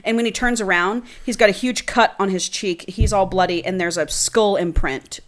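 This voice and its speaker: Animated young woman recapping a book. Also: medium pitch, moderate pace. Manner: animated, profane storytelling. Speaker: podcast co-host. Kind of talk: casual chat recapping a book.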